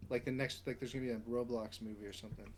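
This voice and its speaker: A young man co-hosting a podcast, chatting in an excitable, loose way full of "like". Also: mid-range voice, very fast. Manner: excitable, loose, filler-heavy. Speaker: podcast co-host. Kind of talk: casual banter.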